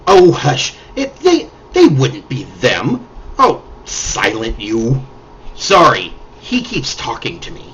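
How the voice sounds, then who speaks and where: A man voicing a timid, scatterbrained woman mage who talks to her toad in a hushed, halting, stammering way. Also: mid-range voice, huge pitch swings, slight background noise, voice pushed down, heavily acted, low-quality recording. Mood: flustered.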